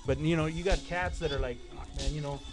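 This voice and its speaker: A man telling stories as an interview guest, switching into quoted voices and swearing freely. His voice sits slightly high for a man. Music plays clearly behind him throughout. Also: fast talker. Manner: animated storyteller acting out quoted voices, profane. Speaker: graffiti artist guest. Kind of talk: casual storytelling in interview.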